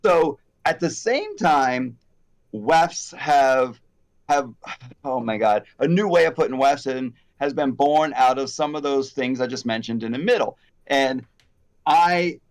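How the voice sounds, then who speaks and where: A man's voice: mid-range voice, measured pace. Rambling, chatty male salon educator. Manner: rambling, animated, self-deprecating, frequent fillers. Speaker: hair extension educator, host. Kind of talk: casual conversational chat.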